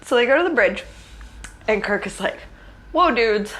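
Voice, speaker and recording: A woman's voice: mid-range voice, lively intonation, a little fast, a bit bright. A woman hosting a podcast, recapping an episode with casual, sarcastic, slang-heavy comedy. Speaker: podcast host.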